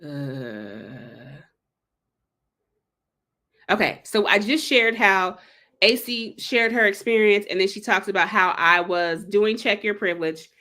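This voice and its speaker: Woman, bright tone, casual livestream host, digressive, animated quoting. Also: takes it slowly, pauses often. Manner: animated, digressive, acts out quotes with big pitch leaps. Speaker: author hosting a live read-along.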